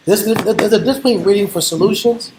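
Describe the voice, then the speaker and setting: A man in a scripture class chiming in with quick, eager remarks. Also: high-pitched, noisy background. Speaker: class member.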